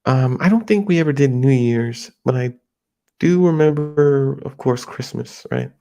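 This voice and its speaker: A middle-aged man from the United States talks off the cuff, his voice gravelly and set at a middle pitch. He rambles and halts, restarting his sentences as he goes, in a casual solo talk. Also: animated, mellow. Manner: rambling, halting with many restarts and fillers. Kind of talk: casual monologue.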